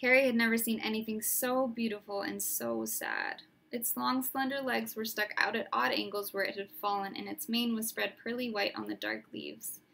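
A woman reading a storybook aloud with steady, expressive narration. Her voice sits a touch higher than most women's. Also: normal speed, gravelly, few pauses. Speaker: reader.

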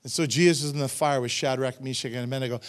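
A man's voice: mid-range voice, fairly even intonation, racing. A middle-aged man, a pastor, preaching a sermon, reading scripture and adding emphatic, conversational asides to the congregation. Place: church sanctuary.

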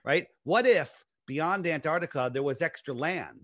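A man's voice: fairly high pitch, normal speed, hardly any pauses. A man talking casually as a podcast guest, explaining his ideas at length in a lecturing way, with many restarts.

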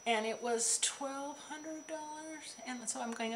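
A woman's voice: sits high, a little slow, noisy background. A woman vlogger chatting casually to the camera, rambling with asides while she shows small items. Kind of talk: casual chat.

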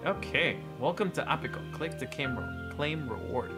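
A man's voice: fairly high pitch, expressive, normal speed, hardly any pauses, over loud music. A man giving casual gameplay commentary and reading game text aloud with chatty asides. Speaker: gaming video creator.

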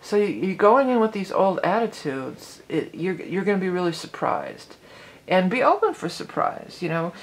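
Chatty low-voiced woman astrology host. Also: moderate pace. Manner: chatty, animated, lots of "you know". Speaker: psychic astrology channel host. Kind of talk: casual rambling astrology talk.

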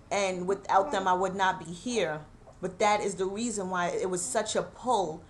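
A woman's voice: lowish voice, slight background noise. A middle-aged woman host giving an earnest, encouraging personal talk, emotional and holding back tears. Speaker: show host.

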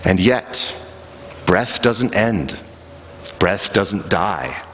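Pastor preaching in a reverberant church. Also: male voice, deep voice, animated, a bit bright, a little hiss or hum. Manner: slow, rhythmic storytelling with long pauses. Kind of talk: sermon. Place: church sanctuary. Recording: live church recording with long reverb.

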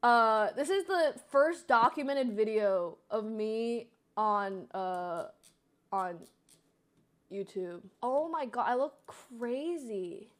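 A woman in her twenties, streaming and chatting casually as she reacts, given to loud embarrassed exclamations. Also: fairly high pitch, takes it slowly. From United States. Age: 20s. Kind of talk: casual chat reacting to old videos.

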